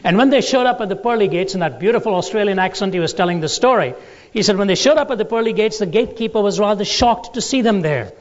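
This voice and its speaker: Male lecturer, higher-pitched voice, deliberate storyteller, long hall reverb. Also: expressive. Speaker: Christian apologetics lecturer. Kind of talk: lecture with anecdotes and jokes. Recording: dull lo-fi recording in a large reverberant hall.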